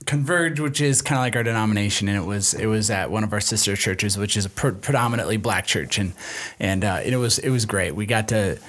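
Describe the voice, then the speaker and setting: Easygoing pastor with a Minnesota accent. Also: male voice, fairly low pitch, a little fast, a bit bright. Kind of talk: casual podcast chat.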